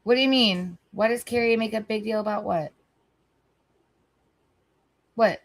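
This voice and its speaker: A woman's voice: mid-range voice, measured pace, poor audio. A woman livestreamer reacting to a clip, talking heatedly with a lot of swearing and speaking straight to her chat.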